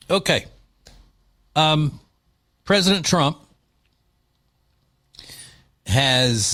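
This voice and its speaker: A man hosts a talk radio show from the studio, his voice sitting at an ordinary middle pitch. He talks loosely and opinionatedly, drifting between jokes and rants with plenty of fillers. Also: a bit bright. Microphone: studio mic.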